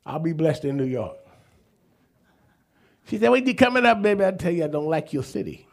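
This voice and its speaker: A man, preaching a sermon and telling stories in an animated, folksy, emphatic way. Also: on the high side, a little fast, creaky. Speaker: apostle preaching.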